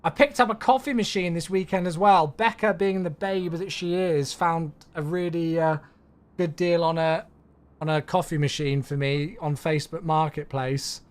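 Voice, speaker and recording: A man's voice: fairly high pitch, fairly even intonation, normal speed. A man streaming a flight simulator, chatting in an easygoing way and answering viewers' questions aloud, a bit sleepy and yawning. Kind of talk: casual live-stream chat.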